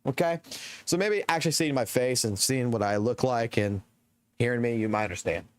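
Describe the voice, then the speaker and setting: A man, a game streamer ranting excitedly and swearing heavily to his live chat. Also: mid-range voice, brisk. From Southern United States. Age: 30s.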